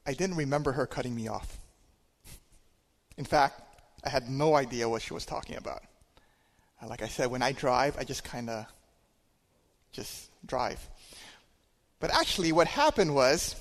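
A man speaking as a church minister at a Sunday service, telling a story in a relaxed way with hesitations and chuckles. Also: fairly high pitch. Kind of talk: sermon. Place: church sanctuary. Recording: long hall reverb.

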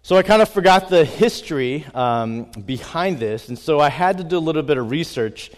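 A middle-aged man, hoarse, preaching and praying earnestly as a family pastor in a recorded sermon. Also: on the high side, lively intonation, moderate pace. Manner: earnest, frequent fillers, prays with repeated "God". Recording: long hall reverb.

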